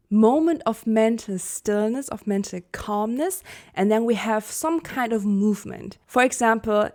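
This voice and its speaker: A young woman from Germany explaining a personal-growth topic in a video lesson, earnest and candid, correcting her own slips with a laugh. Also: medium pitch. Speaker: Human Design teacher.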